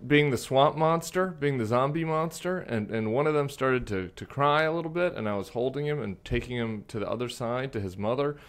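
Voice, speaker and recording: A middle-aged man in casual, jokey political chat, talking in halting, rambling stretches and a bit mumbly from a sore lip. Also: mid-range voice. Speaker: podcast co-host.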